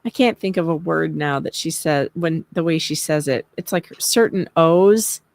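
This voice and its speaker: A woman's voice: sits low, normal speed, darkish tone, dry recording. A woman joining a live stream as co-host, chatting casually and agreeing in short wry remarks. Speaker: co-host guest.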